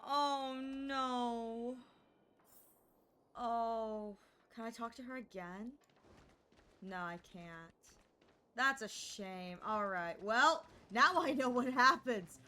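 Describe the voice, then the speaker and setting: A woman streaming a story game, chatting casually and playfully, reading lines aloud in animated bursts. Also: fairly high pitch, drawn-out words, pauses often, smooth.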